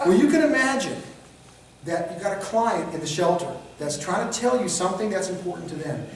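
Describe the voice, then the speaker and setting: Over a loud crowd, a man with a high, expressive voice lectures at a fairly quick clip, animatedly teaching a de-escalation training class and mimicking examples in mocking voices. The room echoes and the mic sits far away.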